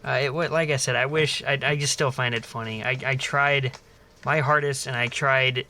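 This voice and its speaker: Man, casual podcast co-host, bright tone, lively storyteller who swears a lot. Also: mid-range voice, normal speed, a little hiss or hum. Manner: animated storyteller, swears freely, acts out voices in anecdotes. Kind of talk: casual chat.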